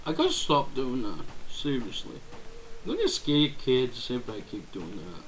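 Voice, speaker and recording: A man's voice: medium pitch, huge pitch swings, unhurried, slight background noise, poor audio. A man rambling goofily over a game, drifting off topic and breaking into silly bits of song. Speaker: let's play gamer. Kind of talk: rambling gameplay commentary.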